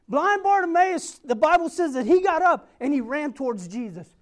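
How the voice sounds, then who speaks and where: High-voiced man preaching a sermon. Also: big pitch swings, normal speed. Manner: repeats a rhetorical refrain and calls for amens; tells a Bible story with acted-out quotes.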